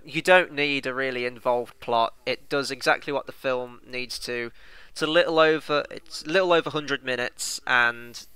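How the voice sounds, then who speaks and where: Man, film review co-host, bright tense voice, very crisp, enthusiastic casual chat. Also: mid-range voice, dry recording. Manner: enthusiastic, conversational, frequent "you know" fillers.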